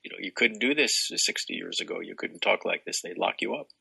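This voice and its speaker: A man's voice: deep voice, lively intonation, a little fast, creaky, sharp tone, slightly rough, poor audio. An older man talking as a spiritual teacher guest in an expansive, rambling way, with many restarts. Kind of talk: casual spiritual conversation.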